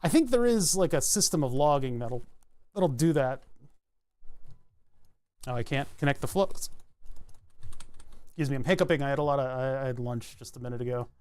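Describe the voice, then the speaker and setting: A man streaming live, thinking aloud in a halting, self-interrupting way as he works through a technical problem. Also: medium pitch, lively intonation, darkish tone. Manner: muttering, halting, self-interrupting while debugging.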